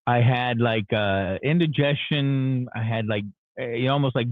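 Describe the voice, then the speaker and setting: Over a tinny phone line with no echo, a man calling in as a radio host tells a long, candid story for a casual morning show. His mid-range voice moves a little slowly, and his rambling talk is full of restarts.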